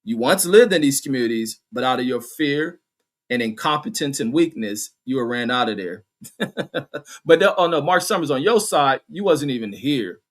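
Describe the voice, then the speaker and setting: A man's voice: mid-range voice, lively intonation, moderate pace. A man hosting a vlog who tells stories and reads out chat in a rambling, blunt way, with heavy swearing. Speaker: vlogger host reading chat. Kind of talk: casual profane storytelling rant.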